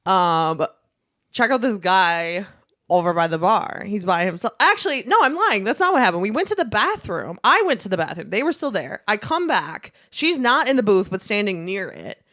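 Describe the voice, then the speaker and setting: A woman's voice: mid-range voice, very animated, moderate pace, fairly bright tone. A young woman co-hosting a podcast, telling a vacation story in a rambling, casual way, with lots of swearing, fillers and laughs. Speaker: podcast co-host.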